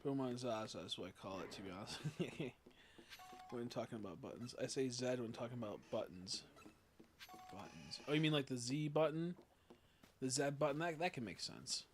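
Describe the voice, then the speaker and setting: Brief: young male streamer, mid-pitched, crude and giggly, playful rants, faint hiss behind. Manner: laughing, crude, swears freely, playfully ranting. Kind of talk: casual live-stream chat.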